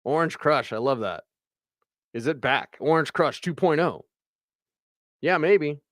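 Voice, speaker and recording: Chatty, excitable sports radio host. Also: male voice, fairly high pitch, no echo, clean studio sound. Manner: excitable, chatty, fast bursts. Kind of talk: live postgame show reading viewer comments.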